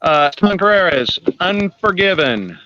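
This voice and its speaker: A pastor, a man, chats on a video call in short, easygoing replies. His voice is bright and forceful, and the call audio sounds muffled and lo-fi. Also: high-pitched, sing-song, a little slow. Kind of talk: casual video-call chat.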